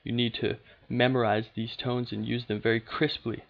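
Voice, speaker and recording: A man of middling pitch talks through a lesson in a patient, steady way, pausing often with small fillers. The sound is dull and lo-fi, like an older home video. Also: vocal fry. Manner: patient, steady, with frequent "okay" and "uh". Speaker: language teacher. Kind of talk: unscripted explanatory lesson.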